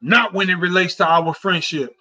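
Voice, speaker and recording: A man's voice: sits high, moderate pace, bright, forceful tone. A man hosting a casual talk show, speaking in a heartfelt, repetitive, conversational way. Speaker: host. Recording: dull lo-fi sound.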